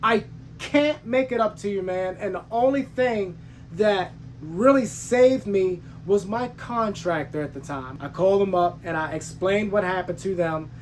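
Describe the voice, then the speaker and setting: A man's voice: high-pitched, unhurried, soft background music. A man, a truck driver and channel host, telling a story in a casual way, heated and emphatic, with slangy asides and many restarts. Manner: frequent restarts and self-corrections.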